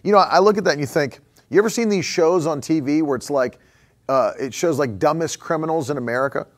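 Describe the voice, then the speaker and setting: A man's voice: on the high side, fast. A man preaching a conversational sermon as a pastor. He repeats phrases for emphasis and chuckles often.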